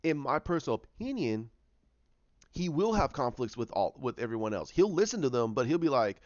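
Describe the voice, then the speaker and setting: A man's voice: mid-range voice, big pitch swings, fairly quick, a little mellow, no room sound, dull audio. A man talking casually and with strong opinions about TV shows, often repeating himself as he goes. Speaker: TV show reviewer.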